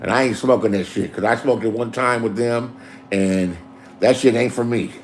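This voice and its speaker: A middle-aged man, telling profane street stories in a loose, animated way. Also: medium pitch, moderate pace, a little hiss or hum. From Inglewood, Los Angeles. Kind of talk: casual storytelling.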